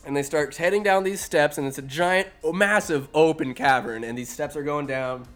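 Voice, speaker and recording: Man with a slightly high voice, casual, rambling, foul-mouthed comic film recap over faint music. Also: moderate pace, a bit bright. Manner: profane, rambling, sarcastic asides. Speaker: movie recap vlogger. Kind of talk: casual comedic movie recap.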